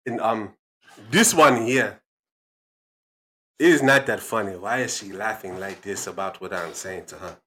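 A man's voice: fairly low pitch, measured pace, long pauses, pushed and bright. A man voicing a stern, lecturing figure in a put-on African accent who hands out wise sayings and keeps asking if he is understood. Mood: scolding. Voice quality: commanding, repeats questions to the listener.

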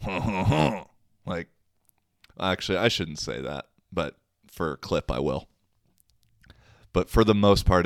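A young man hosts a solo podcast in a slangy, rambling, self-mocking chat. His voice sits low and deep, and he talks at an unhurried pace. The sound is dry and close, with no room around it. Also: clear, resonant tone, no room sound. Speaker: podcast host.

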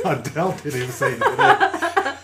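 A man's voice: fairly high pitch, wildly swooping pitch, slow pace, echoey room, background noise. A man in casual chat with friends, making short remarks and laughing often.

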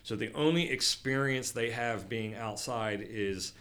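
A man's voice: mid-range voice, a little slow, fairly bright tone. A middle-aged man chatting casually about outdoor trips, rambling with fillers and restarts. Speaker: outdoor program leader, veteran. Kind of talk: casual podcast chat.

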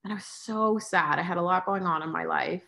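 A woman's voice: lowish voice, brisk, gravelly, pushed and bright. A woman in her late thirties, a yoga teacher and single mother, chatting casually and telling candid stories, acting out her own thoughts. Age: 30s. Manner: candid, storytelling, acts out her own inner voice. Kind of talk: casual conversation.

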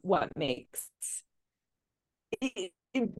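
A woman with a slightly low voice co-hosts a relaxed podcast. She rambles easily through her thoughts, filling gaps with "like" and "um." Her tone is friendly and conversational. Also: drawn-out words. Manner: rambling, lots of "like" and "um". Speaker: podcast co-host. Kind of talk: casual chat.

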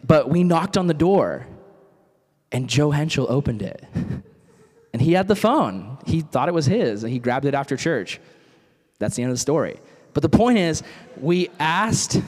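A young man giving a casual, animated youth sermon full of stories and acted-out quotes. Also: fairly high pitch, a little slow, long pauses. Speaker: youth speaker. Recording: reverberant hall.

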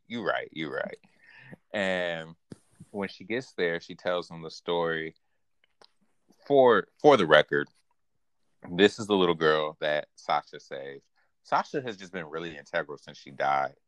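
A man's voice: low-pitched, expressive, takes it slowly, pauses often, a bit bright, dry recording. A man co-hosting a casual recap podcast, talking animatedly, laughing often and quoting characters in a raised voice. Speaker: podcast co-host. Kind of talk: casual anime recap chat.

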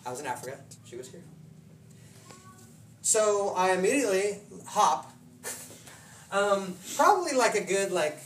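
A man's voice: sits high, sing-song, a little slow, long pauses, a bit bright. A man preaching a casual sermon, telling stories with laughs and voiced asides. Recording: roomy hall from a distant mic with noise.

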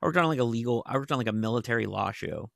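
A man's voice: medium pitch, lively intonation, racing, creaky, fairly bright tone, no room sound, studio quality. A middle-aged man, a TV writer, telling stories in casual chat, rambling with lots of fillers and the odd curse. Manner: rambling storytelling full of "like" fillers and profanity. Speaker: TV writer and novelist.

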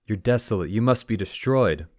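A man voicing a crowd of excitable, melodramatic villagers in an exaggerated, gushing way. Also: lowish voice, normal speed, no echo, clean studio sound, natural voice. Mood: pitying.

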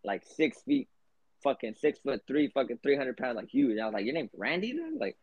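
A man's voice: medium pitch, a little fast, darkish tone, no room sound. Young man, podcast host, rambling storyteller, profane, lots of fillers, dull lo-fi sound.

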